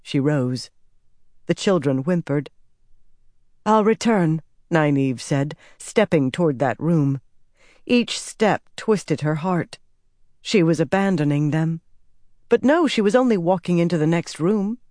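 A woman narrating an audiobook in a measured, expressive reading. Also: low voice, no echo, clean studio sound. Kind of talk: scripted narration.

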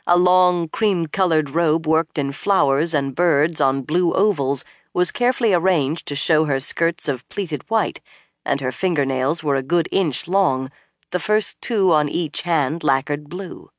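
Steady, dry audiobook narrator. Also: mid-range voice, no room sound. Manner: steady, measured storytelling.

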